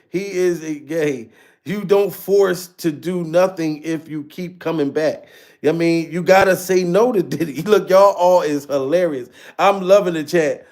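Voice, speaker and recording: High-voiced laughing male streamer. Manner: laughs often, slangy, loose and chatty. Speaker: livestream host reading chat. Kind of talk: casual livestream commentary.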